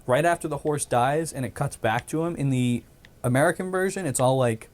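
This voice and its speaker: A man's voice: mid-range voice, fairly quick. A man chatting casually while gaming, rambling through stories with frequent laughs.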